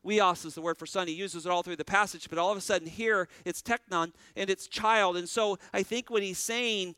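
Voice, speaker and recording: A man's voice: sits high, fairly even intonation, fairly quick, few pauses, bright, forceful tone, smooth, no room sound, studio quality. A man preaching a sermon as pastor, earnest, with a rising and falling preaching cadence.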